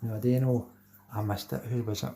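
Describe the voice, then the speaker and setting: The man, middle-aged and Scottish, chats informally on his live stream, going through viewers' comments, repeating things and calling everybody mate. He speaks a little fast in a mid-range, dark-toned voice with flat delivery and vocal fry.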